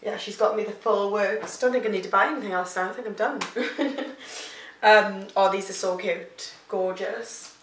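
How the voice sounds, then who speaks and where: A woman's voice: medium pitch, moderate pace, a little hiss or hum. Gushing woman vlogging at home. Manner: gushing, excitable, lots of fillers. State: pregnant. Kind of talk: casual chat. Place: at home, indoors. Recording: echoey room, mic at a distance.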